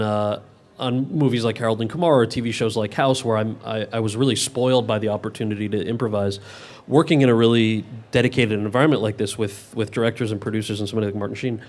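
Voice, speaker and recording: Fast-talking man at an audience Q&A. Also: fairly low pitch, darkish tone. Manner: talks fast with many quick restarts. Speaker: actor answering audience questions. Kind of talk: casual Q&A answers.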